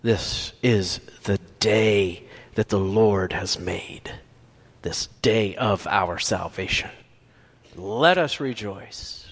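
Slow, emphatic male preacher in a reverberant hall. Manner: emphatic, rising in pitch on repeated phrases, dropping to near-whispers on key words. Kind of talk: sermon. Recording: long reverb from a large hall.

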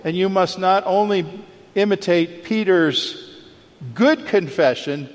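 A man preaching a sermon, emphatic, rising sharply in pitch when he acts out quoted lines. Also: takes it slowly. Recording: long reverb of a large hall.

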